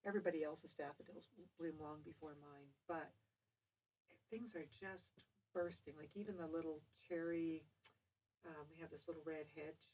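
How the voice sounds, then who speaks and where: A woman's voice: low voice, fairly even intonation, moderate pace, darkish tone, far from the mic, poor audio. A woman hosting a quilt shop's live show, chatting casually and teasing her co-host, rambling with restarts. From Canada. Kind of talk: casual live-stream chat. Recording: from the mic, faint noise.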